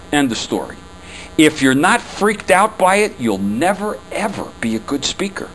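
An older man addresses a room of customers in a loose, conversational talk, his pitch swinging widely as he tells stories and turns to the audience with questions. A faint mains hum sits under the recording. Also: low-quality recording. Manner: chatty, animated storytelling with asides to the audience. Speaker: speaker giving a talk to business customers. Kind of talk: casual presentation to a group.

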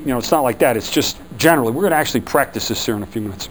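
A man leading a sales training seminar for a group, lively and acting out customer quotes. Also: mid-range voice, rapid-fire, a little hiss or hum, low-quality recording. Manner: animated, acts out customer quotes.

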